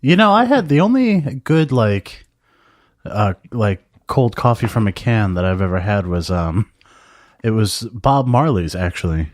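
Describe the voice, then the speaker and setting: Young male co-host, mid-pitch voice that rises and falls a lot, dry close mic, laid-back and chuckly. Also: very animated, no room sound. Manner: easygoing, chuckles and reacts with quick asides. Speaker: podcast co-host. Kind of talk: casual chat.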